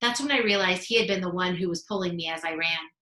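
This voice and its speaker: A woman teacher reading a children's novel aloud in an expressive storytelling manner. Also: on the low side, fast. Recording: roomy echo.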